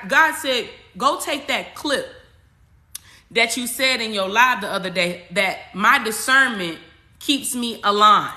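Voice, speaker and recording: A woman's voice: a little high, pushed and bright. A woman spiritual coach hosting a casual astrology livestream, talking emphatically and repetitively to her viewers, with casual slang and swearing. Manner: emphatic, repetitive, talks straight at the audience.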